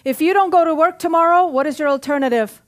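Middle-aged lady preacher in church, pretty high voice, cracks jokes and keeps asking amen. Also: fast talker. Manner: punchy, joking, calls for amens. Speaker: pastor. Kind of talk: sermon.

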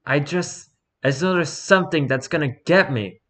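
A man's voice: on the high side, normal speed, fairly bright tone, a little hiss or hum, pitched above the performer's own voice, close to an everyday voice. A man voicing a panicked male convict prisoner who pleads and begs. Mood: terrified. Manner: pleading, then frantic and screaming.

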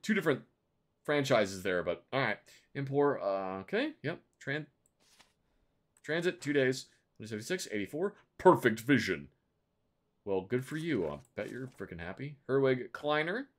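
A male streamer giving casual, sarcastic commentary as he plays a video game. His pitch swings widely, and he breaks into sudden loud outbursts.

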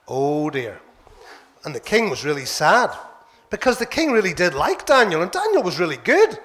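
A man with a Northern Irish accent, a minister telling a Bible story to children in church, playful and animated. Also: high-pitched, moderate pace.

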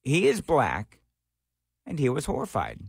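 A man's voice: medium pitch, huge pitch swings, unhurried, vocal fry, husky, no room sound, studio quality. A man hosting a talk radio show, delivering an opinionated monologue full of sarcastic rhetorical questions. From Nashville area.

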